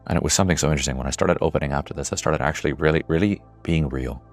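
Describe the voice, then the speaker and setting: A man in his twenties, with an extremely low voice, talks very fast over faint background music. His earnest, reflective monologue builds to emotional intensity, with occasional casual swearing.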